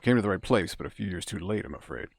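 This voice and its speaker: A man voicing a gruff, blunt male village castellan with a gravelly voice, reading game dialogue aloud. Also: low-pitched, animated, fast, exaggerated voice. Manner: blunt, matter-of-fact.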